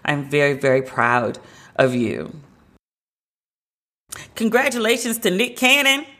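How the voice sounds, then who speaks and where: A woman's voice: sits low, sing-song, a little slow, fairly bright tone. A woman hosting a casual solo podcast from her home loft, chatty and gushing, with a lot of filler "like". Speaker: podcast host.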